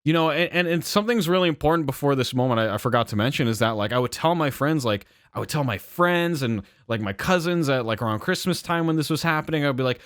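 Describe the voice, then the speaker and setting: A young man telling a story in a casual rant, rambling and animated, with swearing and frequent fillers and self-corrections. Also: a little high, fast, hardly any pauses, no echo, clean studio sound. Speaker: channel host.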